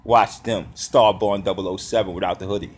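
A man doing casual, slangy live reaction commentary over basketball highlights, hollering and laughing at big plays. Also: steady tone, a little fast, breathy edge.

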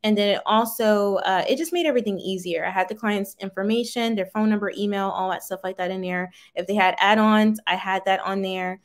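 Answering viewers' comments on her livestream, this thirtysomething business owner is folksy and chatty. She speaks a little fast in a medium-pitched voice, barely pausing.

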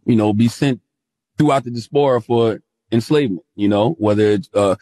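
An American man talking on a casual podcast, telling a travel story with emphasis and briefly jumping into high-pitched impressions. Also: a little fast, warm tone, no room sound. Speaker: podcast co-host.

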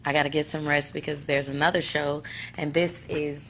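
A young woman thanking her fans in a tearful, halting way, with restarts and soft laughs. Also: low voice, level tone, slight background noise. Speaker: singing contestant addressing fans. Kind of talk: emotional thank-you video to fans.

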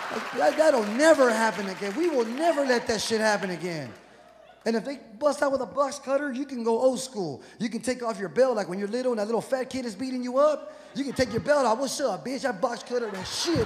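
A man from Houston, Texas, with a very high, expressive voice speaks fairly quickly through a profane, punchy, rowdy comedy set. He's on stage before a live audience, and the venue recording has long reverb, crowd noise, laughter and hall ambience.

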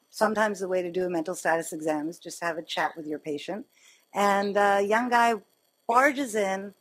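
Husky woman surgeon telling stories. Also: medium pitch, poor audio. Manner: conversational, animated storytelling with laughs. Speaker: surgeon giving a grand rounds lecture. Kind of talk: lecture with personal stories. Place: lecture hall.

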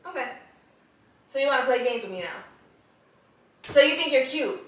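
A woman's voice: sits high, lively intonation, normal speed. A young woman suspiciously pressing her boyfriend with questions in a casual argument. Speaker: vlogger's girlfriend. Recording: echoey room, voice from a distance.

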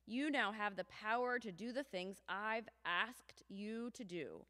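A woman reading a calm, gentle storybook man. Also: mid-range voice, unhurried. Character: calm, gentle grown man speaking peace. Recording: long church reverb.

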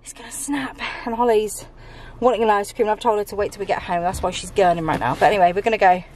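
A woman's voice: mid-range voice, steady tone, very fast, darkish tone, slight background noise. A woman vlogging as a mother, chatting casually, swearing freely and laughing often. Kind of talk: casual vlog chat.

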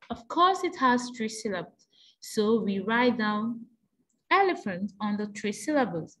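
Woman teacher, revision lesson for kids, slow pace, sing-song lilt, fairly high voice. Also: a bit bright. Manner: slow, patient, sing-song prompting questions. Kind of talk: exam revision lesson for young pupils.

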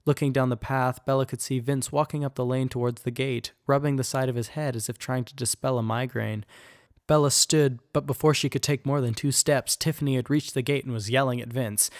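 Man, audiobook narration, even steady pace, mid pitch, dry close recording. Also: brisk, no echo. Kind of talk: scripted narration.

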